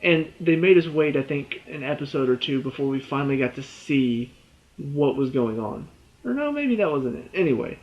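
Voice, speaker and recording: A man reviewing a TV episode in an excited, rambling way, often laughing and restarting words. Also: medium pitch, normal speed, dull audio.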